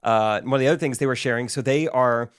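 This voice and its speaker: Male podcast co-host, mid-pitched, loose rambling storyteller with lots of ums. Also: fast, clear, resonant tone, dry recording, studio quality. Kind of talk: casual chat.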